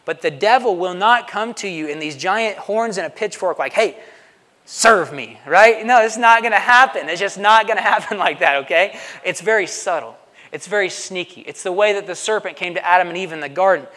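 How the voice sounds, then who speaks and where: Man, pastor, conversational sermon, fairly high voice, long hall reverb. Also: brisk, bright, forceful tone. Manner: conversational preaching, often asks "right?".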